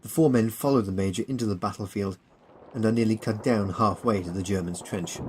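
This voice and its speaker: Low-voiced man narrating a war audiobook. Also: darkish tone, slight background noise, poor audio. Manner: reads all parts, lifting pitch and volume for quoted lines. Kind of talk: scripted narration with voiced characters.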